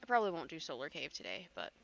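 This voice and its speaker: A woman's voice: deep voice, big pitch swings, rapid-fire, vocal fry. A woman streaming a video game, chatting casually and joking at her own expense, with the odd swear.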